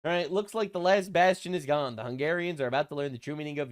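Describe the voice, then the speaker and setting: A man's voice: on the high side, fast talker, clean tone. A young adult man giving casual online commentary, crude and mocking, rambling with lots of fillers. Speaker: commentary channel host.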